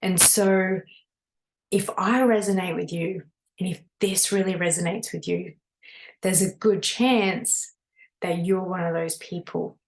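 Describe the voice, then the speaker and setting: A woman, a spiritual mentor, telling her own story in an earnest, animated way with lots of casual fillers. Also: fairly low pitch, unhurried, gravelly. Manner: earnest, animated, many "you know" fillers. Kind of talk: personal storytelling monologue. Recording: echoey room.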